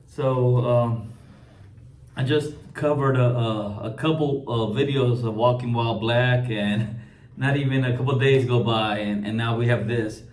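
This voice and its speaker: A man giving casual commentary on a video, halting and restarting often with repeated words. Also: medium pitch, steady tone, darkish tone, echoey room.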